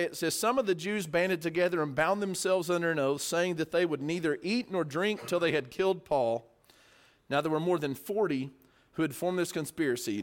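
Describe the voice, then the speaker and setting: A man preaching a verse-by-verse sermon, explaining the text in a conversational way with asides and repeated words. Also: on the high side. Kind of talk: sermon, Bible study teaching.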